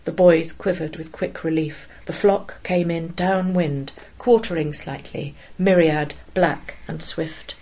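Husky, gravelly woman reading a story. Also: low voice, fairly even intonation, slow pace, hardly any pauses, warm tone, low-quality recording. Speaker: narrator.

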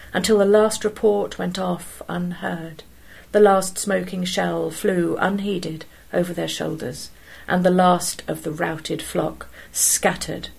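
A woman narrating a story aloud in a steady, measured way. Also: fairly low pitch, vocal fry, husky, rough recording.

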